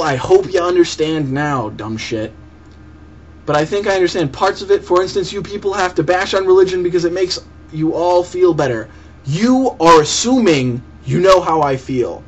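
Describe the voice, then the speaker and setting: A young man with a fairly high voice delivers a profane, heated, sarcastic rant in reply to a commenter, with faint hiss behind him. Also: husky. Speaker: vlogger answering a commenter. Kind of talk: angry video rant.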